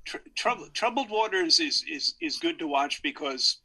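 Bright-voiced man with stuttering restarts. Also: fairly high pitch, animated, normal speed, slightly rough, low-quality recording. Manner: stuttering, laughs easily. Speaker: panelist. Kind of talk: casual chat.

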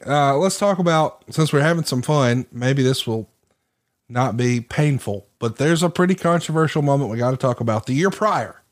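A man hosting a podcast, chatting casually and playfully and asking his guest questions. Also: mid-range voice. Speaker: podcast host. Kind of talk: casual chat, interviewing.

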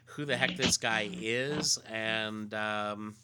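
A man co-hosting a podcast in casual chat, halting and fond as he reminisces. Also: fairly low pitch, noisy background. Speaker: podcast co-host.

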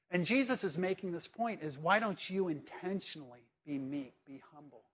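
A man delivering a sermon with a slightly higher than usual voice. He talks to his congregation conversationally, pressing them with direct questions. His delivery swings between emphatic and hushed. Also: a little fast, few pauses. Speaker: pastor.

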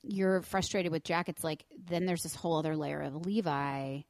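A woman in her thirties, a podcast co-host, chatting casually and telling lively stories, acting out quotes and swearing. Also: low-pitched, normal speed, no room sound, clean studio sound. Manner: animated storyteller, acts out quotes, swears. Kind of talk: casual chat.

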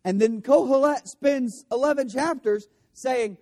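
A man's voice: high voice, animated, unhurried, mellow. A man preaching a conversational sermon, often correcting himself mid-phrase and dropping in joking asides. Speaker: pastor.

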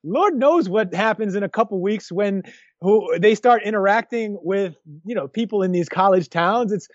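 A man co-hosting a casual sports chat, rambling and restarting his sentences with lively energy, on a dull lo-fi recording. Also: high voice, moderate pace, no echo. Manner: rambling, lots of restarts, animated. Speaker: podcast co-host. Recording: dull lo-fi dry sound.

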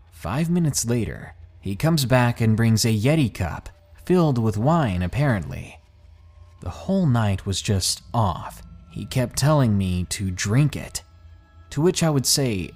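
A man hosting a podcast, narrating listener stories in a measured way with dramatic pauses. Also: medium pitch, lively intonation, darkish tone. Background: faint background music.

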